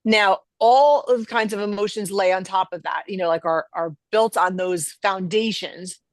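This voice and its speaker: A woman's voice: medium pitch, moderate pace, dry recording. A middle-aged woman hosting a podcast, talking emphatically in a conversational teaching style and acting out quoted voices. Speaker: podcast host.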